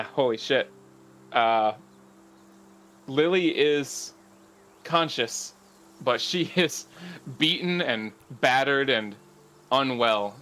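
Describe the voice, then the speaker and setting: A man narrating a tabletop game as game master, relaxed and chatty with many fillers. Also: mid-range voice, a little hiss or hum.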